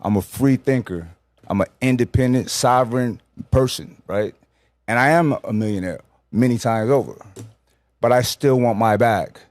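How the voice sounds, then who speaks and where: A man's voice: mid-range voice, normal speed, a little mellow, no echo. A man from New York talking bluntly and emphatically as a guest in a casual podcast conversation, swearing freely.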